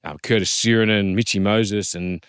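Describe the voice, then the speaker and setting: An Australian man in his thirties, a former rugby league player telling an animated story in casual chat, quoting others in lively voices. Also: on the low side, normal speed, smooth, no room sound, studio quality.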